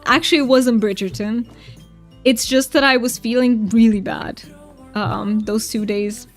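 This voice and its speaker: Young woman streamer, bright higher voice, casual and giggly with chat, soft game music underneath. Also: steady tone, a little slow. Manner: chatty, giggly, reads chat aloud.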